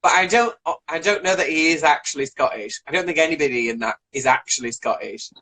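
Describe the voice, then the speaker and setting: A man, a drag performer, chatting as a guest on a live video call, animated and playful with quick jokes. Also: fairly high pitch, poor audio. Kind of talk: casual live video chat interview.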